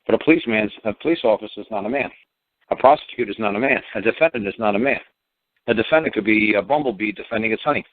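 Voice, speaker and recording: A man's voice: lowish voice, very fast, no echo. A man with a New York accent talking in a blunt, profane, rambling way on a radio call-in show. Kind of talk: casual radio call-in talk. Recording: dry phone-line audio.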